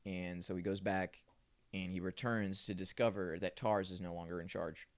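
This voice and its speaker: A man's voice: sits low, little pitch movement, normal speed, dry recording. A man co-hosting a podcast, casually recapping a film in laid-back slang and acting out the characters' lines. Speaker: podcast co-host.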